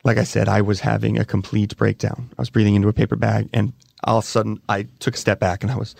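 A man in his thirties, a podcast guest talking candidly in a halting, emotional way, often restarting his sentences. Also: on the low side, flat delivery, creaky, darkish tone, husky, dry recording. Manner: emotional, halting and repeating himself. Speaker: interview guest. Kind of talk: candid conversation.

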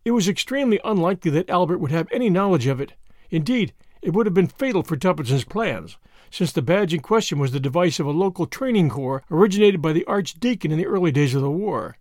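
A man reading an audiobook as expressive scripted narration on a close mic. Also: high-pitched, fast talker, dry recording. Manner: expressive storytelling.

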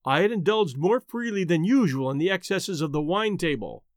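A man reads a gothic tale aloud in a high, highly expressive voice that rises and falls freely. He keeps a measured pace and slows down to weigh key phrases. The sound is dry and close. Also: no room sound. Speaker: narrator. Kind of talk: dramatic reading of a gothic tale.

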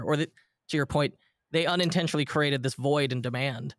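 Host guy w/ slightly high voice, lively, dry close sound. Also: no room sound. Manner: animated, quick to paraphrase the guest. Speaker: podcast host. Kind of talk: conversational interview.

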